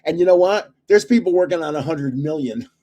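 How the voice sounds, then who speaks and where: A man's voice: on the high side, lively intonation, fairly quick, mellow. An older man hosting a casual livestream, telling rambling stories and chuckling often. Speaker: channel host giving away trading cards.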